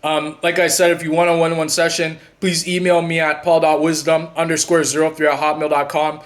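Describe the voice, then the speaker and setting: A man hosting his own channel, talking casually to camera in a rambling way with many restarts, and going quiet and low when he retells conversations. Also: flat delivery, a little fast. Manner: rambling, restarts and repeats words often. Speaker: channel host and narcissism coach.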